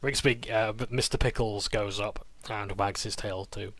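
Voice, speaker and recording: A man's voice: lowish voice, steady tone, moderate pace, fairly bright tone, no room sound. A man recapping a tabletop game session in a casual, rambling way. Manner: rambling, with fillers and restarts.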